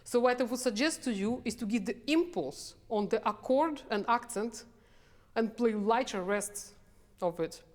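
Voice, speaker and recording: A woman coaching a piano masterclass, speaking in halting, restarting phrases and singing lines on syllables. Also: fairly high pitch. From Sweden. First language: Swedish. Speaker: piano professor. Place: large hall with a piano. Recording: reverberant hall with piano playing.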